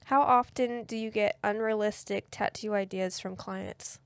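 A woman's voice: mid-range voice, fairly even intonation, unhurried, dry recording. A woman tattoo artist co-hosting a casual podcast, upbeat and laughing as she reads viewer questions. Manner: upbeat, laughs between lines.

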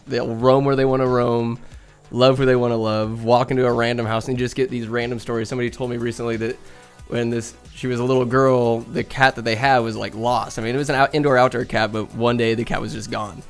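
A man's voice: mid-range voice, level tone, a little fast, clean tone, faint music behind. A young man from Northern California telling rambling, chatty cat stories at home, swearing and laughing along the way. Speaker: vlogger. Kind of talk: casual rambling storytelling. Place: home room with a bookcase.

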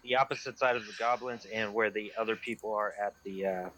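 A man's voice: on the low side, steady tone, a little fast, bright, forceful tone, slight background noise, poor audio. A man playing a tabletop game, talking casually and impulsively about his plan. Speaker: player.

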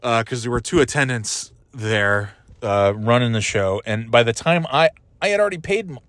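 A man's voice: medium pitch, expressive, moderate pace, fairly bright tone, no room sound. A man in his forties telling a comic story in a rambling, self-mocking way and swearing casually.

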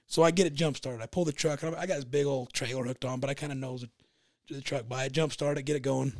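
A man co-hosting a podcast, telling a long anecdote in a relaxed, halting way with many restarts. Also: medium pitch, no room sound, clean studio sound. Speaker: podcast co-host. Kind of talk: casual storytelling chat.

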